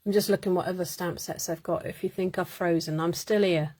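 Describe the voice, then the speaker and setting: A woman's voice: fairly low pitch, fairly even intonation, moderate pace, warm tone, no room sound. A woman hosting a live card-making stream, chatting, muttering to herself and laughing as she works. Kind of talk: casual live crafting chat.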